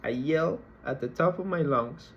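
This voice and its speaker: A man giving a recorded university lecture, explaining slowly and deliberately and often repeating words as he searches for the next one. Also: fairly high pitch, lo-fi sound, a little hiss or hum.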